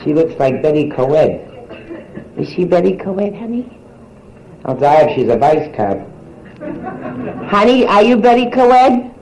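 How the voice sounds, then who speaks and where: A woman's voice: lowish voice, big pitch swings, unhurried, long pauses, a little mellow. An older woman doing bawdy nightclub stand-up, teasing and bantering with the crowd in a brassy way. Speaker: stand-up comedian. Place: nightclub stage. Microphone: handheld steel mic. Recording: roomy live club recording with audience.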